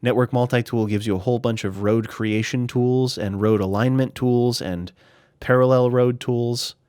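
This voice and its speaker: A man casually talking through his game mods in a relaxed, chatty way, with fillers and restarts, a little out of breath at times. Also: mid-range voice, moderate pace, smooth, dry recording, clean studio sound. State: slightly out of breath. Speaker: gaming YouTuber. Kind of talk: casual screen-recorded tutorial commentary.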